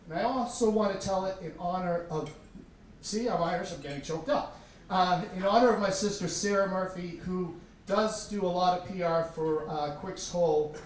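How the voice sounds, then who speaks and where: A man telling a humorous, self-deprecating story live to an audience in a tavern. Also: high voice. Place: tavern stage. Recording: echoey room from far off, faint background noise.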